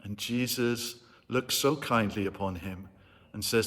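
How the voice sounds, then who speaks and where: A man's voice: fairly low pitch, a little slow, fairly bright tone, slightly rough. A man preaching a sermon as a vicar, retelling a story in an earnest, reflective way. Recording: long hall reverb.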